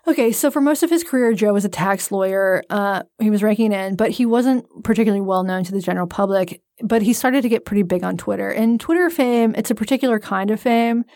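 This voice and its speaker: Woman podcast cohost, gravelly fry, dry jokey delivery, dead dry sound. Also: medium pitch, fast, hardly any pauses, darkish tone, no room sound. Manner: dry, joking storyteller. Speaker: podcast co-host. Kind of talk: casual podcast chat.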